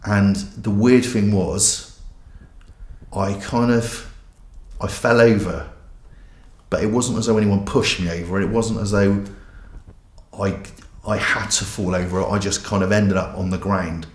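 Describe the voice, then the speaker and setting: A man's voice: on the low side, fairly even intonation, a little slow, long pauses, roomy sound. A man, a pastor giving a candid, self-mocking personal testimony. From England.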